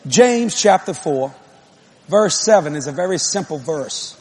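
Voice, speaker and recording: A man preaching a sermon, moving between conversational asides to the congregation and loud, emphatic repeated lines. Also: on the high side, lively intonation, unhurried, breathy edge.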